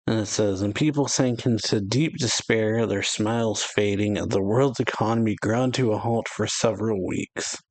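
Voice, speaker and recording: A man's voice: on the low side, normal speed, few pauses, darkish tone, dry recording, low-quality recording. A man hosting an anime reaction channel, casually reading manga dialogue aloud and adding chuckles and asides.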